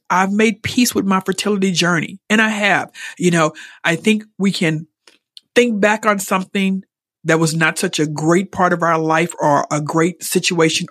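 A middle-aged woman hosting a podcast, speaking openly and earnestly about a personal experience, emotionally expressive and at times repeating herself when moved. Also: fairly low pitch, dry recording, studio quality. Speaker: podcast host. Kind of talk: personal reflective monologue.

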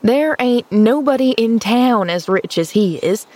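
A woman's voice: fairly high pitch, animated, unhurried, darkish tone. A woman reading an audiobook, voicing a plain-spoken, gossipy country housemaid who exclaims readily.

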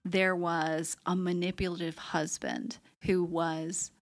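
A middle-aged woman therapist hosts a podcast, explaining ideas in a conversational way. Her voice sits on the low side and the recording is dry and close. She slips into quoted phrases now and then. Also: level tone, slow pace, dry recording. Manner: acts out quoted phrases in a shifting voice.

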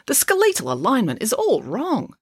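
A woman doing a brisk, sharp-tongued spy mum. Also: on the high side, huge pitch swings, slightly rough, dry recording, clean studio sound, pitched above the performer's own voice, exaggerated voice. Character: brisk secret-agent mother, sharp-tongued.

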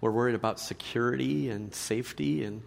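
A middle-aged man preaching a sermon to a live church audience, joking and animated, swinging between loud punchlines and hushed earnest points. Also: medium pitch, a little fast, vocal fry. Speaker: pastor.

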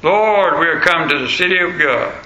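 A man voicing a fervent male preacher who declaims a lofty prayer, pitched higher and louder. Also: normal speed, reverberant, low-quality recording.

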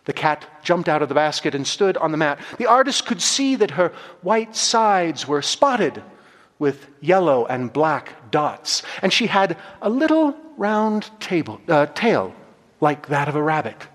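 A man preaches in a measured, reflective way, and his fairly high voice rises and falls in a lively manner. His words linger in a reverberant hall. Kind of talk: sermon with storytelling.

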